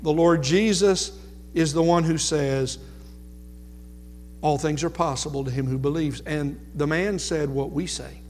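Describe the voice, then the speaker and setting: Slow, emphatic male preacher. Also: a little high, a little mellow, slight background noise. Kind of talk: sermon. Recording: long reverb with faint music.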